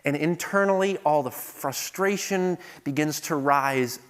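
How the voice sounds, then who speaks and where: Middle-aged man preaching in a large hall, slightly high voice, builds to loud emphatic passages. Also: unhurried, smooth. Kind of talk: sermon.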